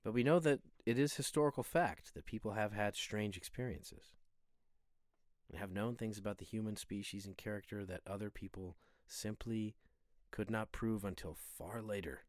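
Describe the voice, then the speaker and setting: A man's voice: fairly low pitch, moderate pace, a little mellow, no echo, clean studio sound. A man hosting a training session, speaking in an earnest, musing and humble way. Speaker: fitness video host. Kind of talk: reflective spoken monologue.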